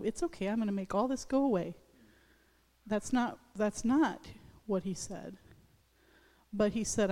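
A woman pastor in her thirties giving a personal testimony in a church service, speaking haltingly with many restarts. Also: medium pitch, dark tone, in a large hall. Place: church sanctuary.

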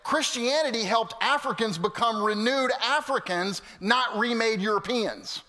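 A man preaching a sermon to his congregation, animated and storytelling, swinging from loud to hushed. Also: very high voice, a little slow. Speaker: pastor. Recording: long hall reverb.

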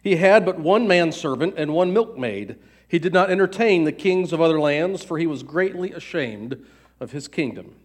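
A man narrating a fairy tale aloud in an even storytelling cadence. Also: a little high.

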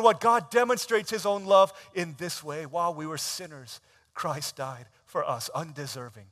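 A man preaching a sermon, retelling a film scene in a conversational way, dropping to a hush and rising to loud emphasis. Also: fairly high pitch, moderate pace. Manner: conversational storytelling, swings from hushed to shouted. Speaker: pastor.

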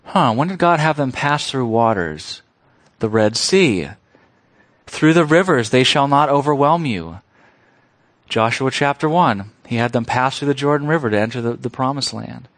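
Man, pastor preaching, emphatic, rhetorical questions, mid-pitched voice, dry sound. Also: animated, moderate pace, fairly bright tone, no room sound. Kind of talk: sermon.

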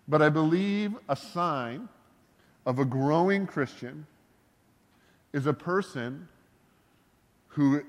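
A pastor delivers his sermon in an easygoing, joking manner, slipping in asides and laughing at his own stories. His voice sits in an ordinary middle pitch for a man. The sound carries a long reverb from a large church hall.

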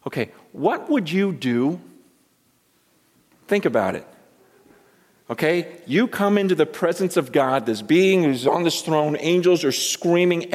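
Man preaching, higher-pitched voice, emphatic, swings loud to hushed, long hall reverb. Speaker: pastor. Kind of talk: sermon.

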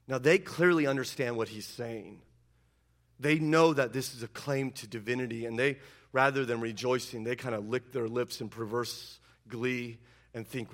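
Bright-voiced emphatic male preacher. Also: a little fast. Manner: emphatic preaching that swings between loud declarations and low intense asides. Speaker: pastor. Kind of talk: sermon.

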